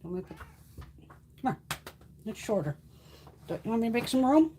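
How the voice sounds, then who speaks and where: A woman hosting a casual beauty livestream, chatting with viewers, swearing freely and coaxing her cat in a high sing-song voice. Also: very animated, normal speed, warm tone, a little hiss or hum.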